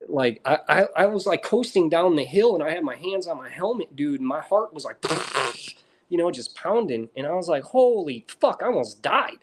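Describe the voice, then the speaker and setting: Swearing, animated American man. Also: a little high, moderate pace, noisy background. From United States. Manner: swears constantly, animated storyteller. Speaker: reptile breeder streamer. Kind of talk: casual chat.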